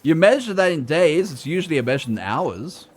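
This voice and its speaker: Animated streamer chatting over a game. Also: male voice, fairly high pitch, a little fast. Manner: loud laughing reactions, chatting with viewers. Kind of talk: casual gameplay commentary.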